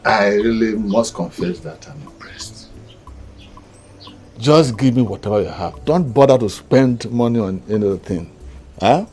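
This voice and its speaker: A man's voice: lowish voice, animated, a little slow, darkish tone, a little hiss or hum. A Nigerian man playing a jovial middle-aged uncle, hearty and teasing.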